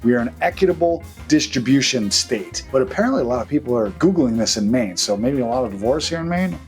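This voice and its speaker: Casual real estate vlog host, male, mid-pitched, loose and jokey delivery. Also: animated, fast, soft background music. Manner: chatty, joking, reads questions then answers off the cuff. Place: Maine.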